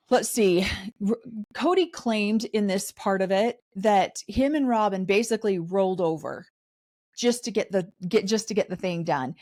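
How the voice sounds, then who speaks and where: Animated woman with a mid-range voice. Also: medium pitch. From raised in a polygamous community. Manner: animated, mocking impressions of others. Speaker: podcast co-host. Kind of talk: casual recap chat.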